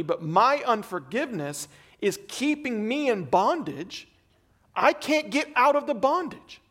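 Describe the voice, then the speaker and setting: A man preaching a sermon earnestly, swinging between emphatic lines and very quiet, drawn-back phrases. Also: high-pitched.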